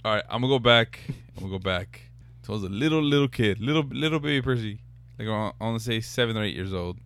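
A man chatting casually as a co-host, teasing and excitable, swearing freely. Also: on the low side, quick pace, smooth, dry recording. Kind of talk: casual chat.

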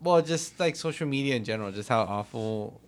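A man's voice: mid-range voice, lively intonation, a little fast, clear, resonant tone. A man in casual podcast chat, telling laid-back stories and cursing freely. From Los Angeles area.

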